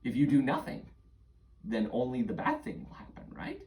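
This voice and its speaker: A father running a tabletop game for his kids as game master, patient and gently coaxing. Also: medium pitch, wildly swooping pitch, normal speed.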